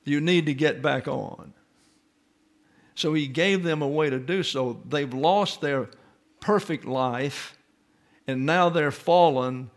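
A man teaching a Bible lesson in sermon style, reading scripture and reference texts aloud and explaining them step by step. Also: mid-range voice.

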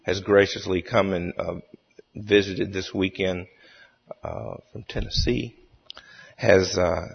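A man chairing a church meeting, speaking haltingly with many fillers and restarts. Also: deep voice, animated, gravelly, breathy edge. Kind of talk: formal meeting chairing with a joke. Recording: echoey hall, dull lo-fi sound.

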